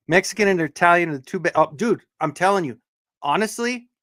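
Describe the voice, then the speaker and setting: A man's voice: high voice, animated, normal speed, a bit bright, dry recording, studio quality. A man from Southern Colorado hosting a livestream, greeting his chat in a loose, joking way with casual swearing. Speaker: livestream host.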